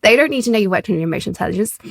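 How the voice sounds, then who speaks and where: A woman's voice: medium pitch, animated, racing, gravelly, no echo. Woman podcast host, leadership coach; direct, emphatic, encouraging; close, dry mic. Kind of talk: solo podcast coaching talk.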